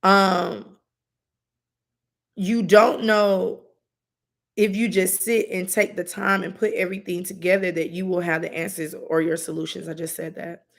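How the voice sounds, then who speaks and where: Gravelly-voiced woman giving casual readings. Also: lowish voice, little pitch movement, unhurried. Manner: casual, rambling, filler-heavy. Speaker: intuitive reader. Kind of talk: live-stream spiritual reading.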